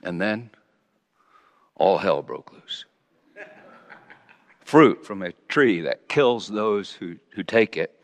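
A man in his sixties gives a self-mocking storytelling sermon, dropping to a low murmur and then rising to loud exclamations. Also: lively intonation, slow pace, pauses often. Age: 60s. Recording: long hall reverb.

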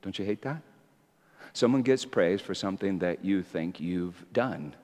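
Male preacher, lowish and animated, reflective to fervent; big reverberant hall. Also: a little slow. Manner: builds from quiet reflection to fervent, rising exhortation. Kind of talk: sermon. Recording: echoey hall.

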